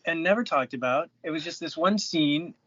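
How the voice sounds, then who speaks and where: A man's voice: a little high, normal speed, fairly bright tone, no room sound, lo-fi sound. A man co-hosting a casual movie podcast, easygoing and laughing often. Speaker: podcast co-host.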